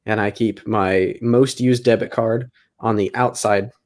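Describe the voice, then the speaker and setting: A man talking relaxed on a podcast as a guest, with teasing banter. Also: lowish voice, a little slow. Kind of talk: casual podcast chat.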